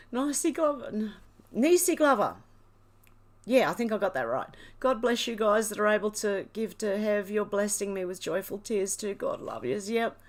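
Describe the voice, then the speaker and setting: Speaking in a mid-range voice at a moderate pace with lively intonation, this Australian woman reads her live chat aloud as host of a livestream. She's emotional and overwhelmed, laughing even as she tears up.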